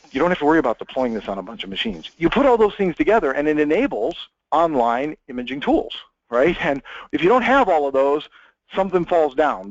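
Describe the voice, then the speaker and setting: A man's voice: mid-range voice, dry recording, lo-fi sound. A man giving a conversational technical webinar presentation, chatty, with many fillers and restarts.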